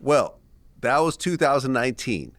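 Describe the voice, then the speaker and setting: A man's voice: medium pitch, very animated, normal speed, slight background noise. A man hosting an interview, recapping events and asking probing follow-up questions. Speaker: interview host.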